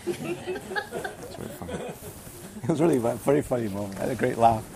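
A man's voice: mid-range voice, animated, quick pace, a crowd in the background. A man teaching as a Buddhist teacher during a retreat, chatty and checking in with his listeners as he tells funny stories. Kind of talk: Dharma talk on a retreat. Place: retreat centre.

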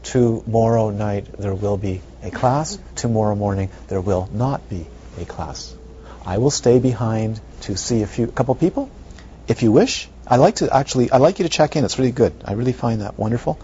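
Faint hiss runs under this dull lo-fi recording of a meditation teacher's dharma talk. His voice is fairly low and warm, at a moderate pace, and he keeps repeating phrases and tossing out playful rhetorical questions.

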